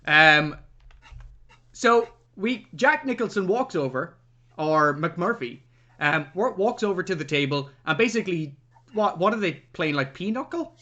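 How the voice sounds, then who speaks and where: A man's voice: sits high, expressive, a little slow, pushed and bright, highs cut off. A man co-hosting a podcast, reviewing a film in rambling, chatty talk with jokey asides. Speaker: podcast co-host. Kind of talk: casual film-review chat.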